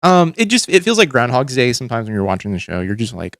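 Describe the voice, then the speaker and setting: A man's voice: medium pitch, big pitch swings, fast talker, hardly any pauses, fairly bright tone, no room sound, clean studio sound. A man hosting a livestream, ranting in casual commentary with heavy swearing and frequent restarts. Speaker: livestream host.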